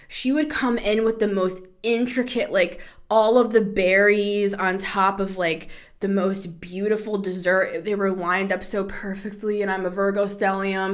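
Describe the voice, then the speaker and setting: A woman in her thirties hosting a tarot podcast, talking in a casual, chatty way, animated, laughing and swearing freely. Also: medium pitch. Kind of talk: casual spoken tarot reading.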